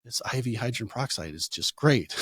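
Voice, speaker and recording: Guy chiropractor telling stories in an interview, mid-pitch voice, dry close sound, gets animated. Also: a little fast, breathy edge, no room sound. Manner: animated storytelling, acts out quoted patients. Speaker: chiropractor guest. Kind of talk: conversational interview answers.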